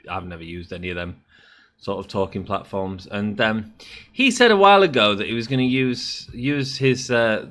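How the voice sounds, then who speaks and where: A man's voice: on the low side, sharp tone. A man talking casually over a game he is playing, thinking aloud and rambling with lots of fillers. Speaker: gaming YouTuber. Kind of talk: casual gameplay commentary.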